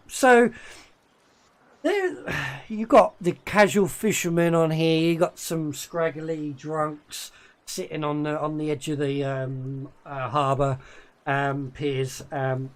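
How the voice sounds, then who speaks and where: Slow, halting male game master. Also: a little high, fairly even intonation, a bit bright. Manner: slow, halting descriptions with many fillers. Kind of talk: narrating a tabletop game.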